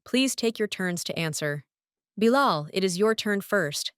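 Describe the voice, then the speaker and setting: A calm, orderly schoolteacher, voiced by a woman leads a short recorded classroom dialogue. She speaks at a medium pitch and gives her students turns politely. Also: unhurried, clear, resonant tone. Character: calm female classroom teacher.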